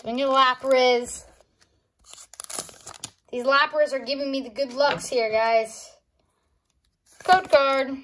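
Brief: high-pitched, unhurried woman, excitable unboxing vlogger recorded on a phone, gasps and talks to viewers. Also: slight background noise. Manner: excitable, gasping, keeps calling out to viewers. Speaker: YouTuber opening trading cards. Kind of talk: casual unboxing vlog. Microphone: phone on a charger.

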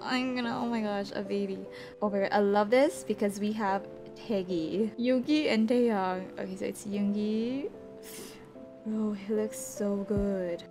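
A young woman excitedly unboxing albums in a vlog, gasping and squealing with delight. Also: medium pitch, measured pace, soft background music. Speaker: book and K-pop vlogger. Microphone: desk USB microphone.

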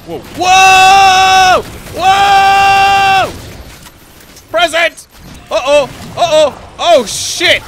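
A man's voice: sits high, pushed and bright, slight background noise. A young man giving rowdy, joking let's play commentary, swearing and bantering at the game. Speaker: gaming YouTuber.

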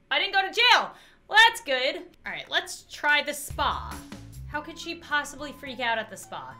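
A young woman gives casual, animated commentary over gameplay. Her voice is high, bright and swings widely in pitch. Faint music plays underneath. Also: measured pace. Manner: animated, dramatic reactions. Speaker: gaming YouTuber.

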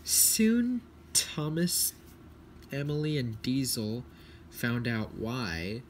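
Slow-reading male storybook narrator. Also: medium pitch, animated, slight background noise.

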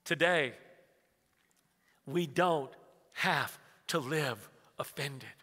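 A man's voice: fairly high pitch, extremely slow, bright, forceful tone. A man in his sixties preaching a sermon as a pastor, telling humorous family stories and acting out conversations. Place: church sanctuary. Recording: long hall reverb.

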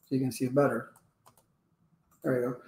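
A man's voice: medium pitch, level tone, a little fast, a little mellow, echoey room. A man running a live-streamed networking lesson, chatty and repetitive, stopping to greet viewers in the chat. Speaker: networking instructor.

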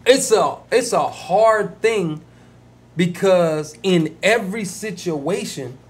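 A man in his thirties with a New Orleans accent talks on a casual podcast, his voice sitting high for a man. He is emphatic, repeating and stumbling over words as he drives a point home. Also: lively intonation, slow pace. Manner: emphatic, repeats himself, stammers when worked up. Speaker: podcast co-host.

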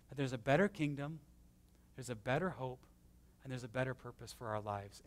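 A man preaching a conversational sermon as pastor, swinging between emphatic and hushed, with self-deprecating stories. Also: sits high. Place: church.

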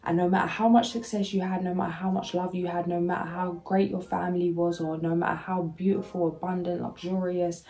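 A woman's voice: on the low side, flat delivery, fairly quick, hardly any pauses, poor audio. A woman giving a soothing spiritual tarot reading to her viewers, speaking emotionally and sometimes searching for words. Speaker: tarot reader. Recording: soft music underneath.

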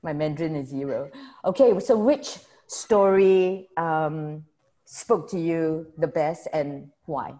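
A middle-aged woman guides a workshop on a video call. Her voice is lowish and mellow, and she talks participants through their answers with a friendly, teacherly rhythm. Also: slow pace. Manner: summarizes points, prompts participants by name. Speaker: workshop facilitator. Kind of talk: online workshop discussion.

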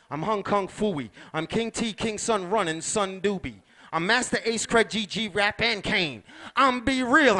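A man rapping aggressively at a live show, rhyming fast and shouting back and forth with the crowd. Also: high-pitched. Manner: aggressive rapid rhyming, shouted call-and-response. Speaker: guest rapper. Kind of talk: live rap performance over a beat. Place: small live venue. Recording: music playing behind.

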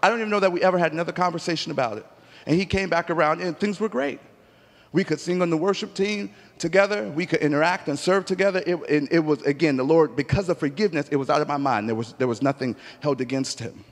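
Man preaching, fairly high voice, emphatic storyteller, long church hall echo. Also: fast talker. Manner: emphatic storytelling preacher, acts out dialogue, rises to near shouts. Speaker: pastor. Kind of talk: sermon. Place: church sanctuary.

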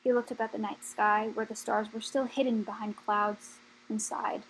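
A woman reading a children's book aloud at a steady, measured pace. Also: on the high side, slight background noise, rough recording. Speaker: audiobook reader.

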